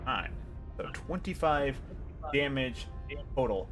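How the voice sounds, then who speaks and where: A man's voice: medium pitch, lively intonation, unhurried, over music. A man running a tabletop game as game master, narrating casually and joking at his own expense with mild swearing.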